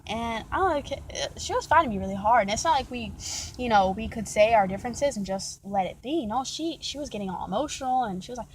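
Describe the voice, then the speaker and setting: A woman's voice: on the high side, lively intonation, fast, a little hiss or hum, rough recording. A woman venting in a casual vlog rant, rambling and exasperated, often repeating herself. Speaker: vlogger.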